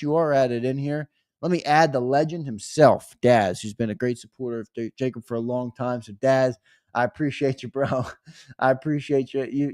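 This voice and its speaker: A young man hosting a casual live stream, chatting with viewers and reading names off a list in a lively, teasing way. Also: medium pitch, dry recording, studio quality. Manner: lively, teasing, talks straight to chat with "brother". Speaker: host of a sports live stream.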